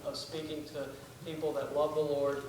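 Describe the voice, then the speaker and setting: A young man with a slightly high, darkish voice preaches at a moderate pace and a level tone as a visiting missionary. He's folksy and self-deprecating, full of fillers and restarts, and the sermon has casual asides. He's recorded from far off in an echoey, noisy church sanctuary.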